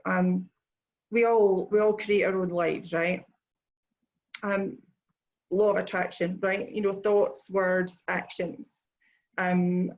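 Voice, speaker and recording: Scottish woman, guest healer, measured and calm, lots of ums, dull lo-fi call sound. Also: mid-range voice. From Scotland. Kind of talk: conversational explanation.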